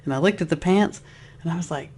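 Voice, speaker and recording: Animated storyteller, rambling and lively. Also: medium pitch, quick pace, husky. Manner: animated, acts out voices in the story; rambling, with frequent restarts. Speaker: spiritual speaker. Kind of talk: casual personal storytelling.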